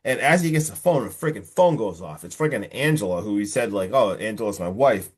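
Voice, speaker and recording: A man hosting a casual podcast film review, retelling the plot in an excitable, slangy way and acting out the characters. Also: on the low side, brisk, husky. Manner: animated retelling, acts out the characters. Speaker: podcast host.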